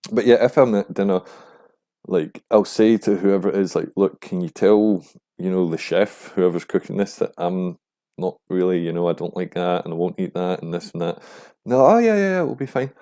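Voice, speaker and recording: A young man hosting a podcast, rambling casually and swearing, getting animated when he mimics other people. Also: deep voice, moderate pace. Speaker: podcast host. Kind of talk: casual monologue.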